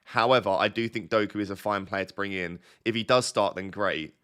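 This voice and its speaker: A man with a slightly low voice, talking casually on a live stream as he thinks aloud to his viewers. He rambles and pokes fun at himself, and he sounds a little bunged up. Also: brisk, a bit bright, smooth. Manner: rambling and self-deprecating, thinking aloud to chat. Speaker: fantasy football streamer.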